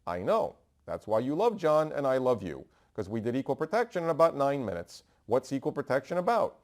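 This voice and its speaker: A man from New York teaching a bar exam review, fast and emphatic, asking rhetorical questions and answering them himself. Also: medium pitch, sing-song. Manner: brisk and emphatic, repeating key terms. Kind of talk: energetic law review lecture.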